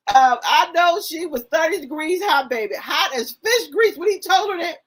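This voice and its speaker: A woman hosting a gossip commentary show, talking in an animated, emphatic way with plenty of exclaiming and cussing. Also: extremely high pitch, normal speed. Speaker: commentary channel host.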